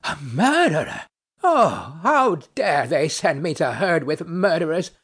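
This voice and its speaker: A man's voice: on the high side, big pitch swings, measured pace, a bit bright, breathy edge, heavily acted. A man reading a play aloud, voicing a proud, indignant noblewoman who speaks primly and insists on her due. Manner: prim, affronted, insistent questioning. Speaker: audiobook narrator.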